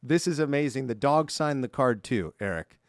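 Man, podcast co-host, dry studio sound, middle pitch, chatty and upbeat. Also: expressive, normal speed, no echo. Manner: chatty, upbeat, reads fan mail aloud. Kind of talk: casual podcast chat.

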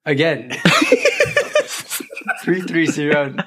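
A man voicing a goofy male talent show contestant who begs for votes, reading slowly and breaking into laughs. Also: a little high, wildly swooping pitch, sharp tone, full character voice, low-quality recording.

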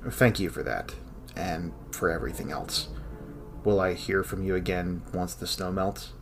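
A snarky, lonely scholar. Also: male voice, sits low, little pitch movement, moderate pace, over music. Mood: weary. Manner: dry, irritable, snarky. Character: weary male archive scholar, sarcastic and lonely. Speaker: archive scholar. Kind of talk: audio drama acting.

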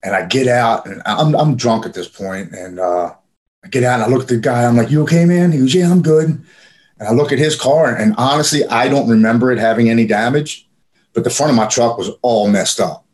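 A man's voice: mid-range voice, brisk. A man casually telling a personal story in plain, profane speech with frequent fillers. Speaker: guest telling his recovery story.

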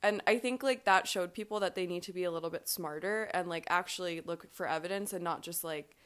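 Her voice is fairly low yet a bit bright, with a clean tone and a brisk pace. As a podcast guest recapping a reality show, she chats in a rambling way, sprinkling "like" throughout.

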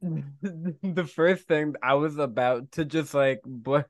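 A man's voice: on the high side, steady tone, takes it slowly, no room sound, studio quality. A man playing a tabletop game, joking in character and sounding a bit sheepish about his own choices. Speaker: player. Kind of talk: casual tabletop game chat.

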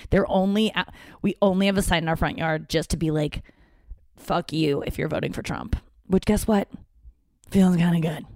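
A woman with a voice on the low side and a darkish tone hosts her own show in a dry recording. Her monologue is casual, candid, and rambling, full of free swearing and restarted sentences.

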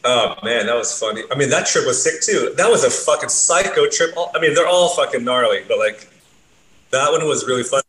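A man's voice: mid-range voice, animated, brisk, fairly bright tone. A man telling rambling road stories in casual chat, with loose, profane phrasing. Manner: laid-back, rambling, profane. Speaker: bassist. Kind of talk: casual storytelling, heavy swearing. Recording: roomy echo, faint noise.

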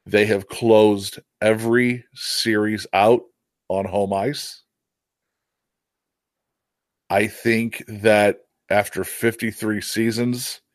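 A man's voice: on the low side, no echo. A man co-hosting a sports podcast, making earnest, analytical points with some stammering. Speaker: podcast co-host. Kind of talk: casual sports podcast chat.

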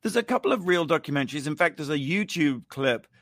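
A man co-hosting a casual pop-culture chat show, telling stories in an animated, playful, campy way. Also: a little high, fast, no room sound. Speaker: podcast co-host.

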